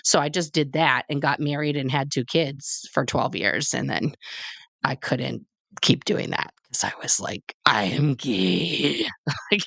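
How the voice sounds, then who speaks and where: A woman in her forties telling a personal story in casual chat, candid and profane, with animated delivery. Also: a bass voice, unhurried, gravelly, no room sound.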